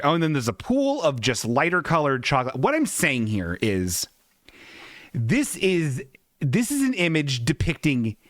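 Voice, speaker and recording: Man, comedy host, lively swooping voice, unhurried, giggling, dry close mic. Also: mid-range voice, no room sound. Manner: animated, giggly, riffing on images. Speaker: podcast host. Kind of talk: casual comedic commentary.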